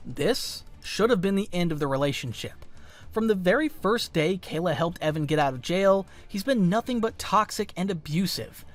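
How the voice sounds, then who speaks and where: High, lively dramatic male narrator. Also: normal speed, faint music behind. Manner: dramatic, emphatic delivery. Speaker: narrator of a commentary video. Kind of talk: scripted narration.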